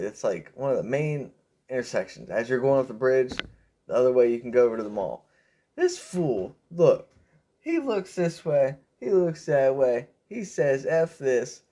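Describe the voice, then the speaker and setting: A young man rambling through a personal story with lots of fillers, raising his pitch when he quotes people. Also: darkish tone. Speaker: vlogger telling a story. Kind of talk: casual storytelling.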